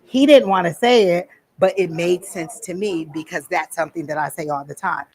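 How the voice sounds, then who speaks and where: A woman's voice: lowish voice, normal speed, a little mellow, slight background noise. Woman, psychic workshop teacher, casual blunt chat, acts out quotes, event room.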